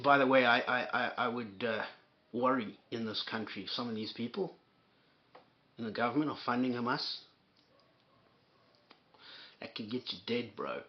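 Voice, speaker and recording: A man ranting in an angry, profane commentary, stumbling and repeating himself as he goes. His voice is mid-pitched and comes through dull and muffled on a lo-fi recording. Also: normal speed, pauses often. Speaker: commentary host.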